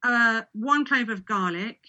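A woman's voice: fairly high pitch, a little slow, bright, forceful tone, muffled recording. A woman from Britain chatting casually about cooking with olive oil, laughing often and restarting sentences. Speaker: olive oil expert guest. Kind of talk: casual conversational interview.

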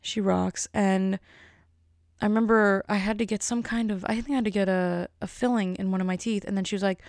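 A woman's voice: medium pitch, fairly even intonation, a little fast, a little mellow, no echo, studio quality. Chatty young woman telling stories. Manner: chatty storyteller, acts out quotes. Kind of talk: casual chat.

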